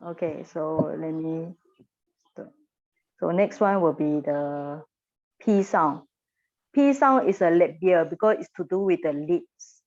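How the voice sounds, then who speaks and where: A woman's voice: low voice, slow, long pauses, a little mellow. Patient woman teacher, lo-fi. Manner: patient, repeats sounds for class to echo. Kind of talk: classroom pronunciation lesson.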